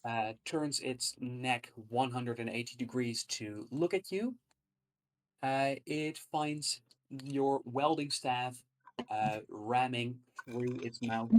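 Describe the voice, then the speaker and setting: A game master narrating a tabletop game, hesitant with frequent fillers. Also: mid-range voice.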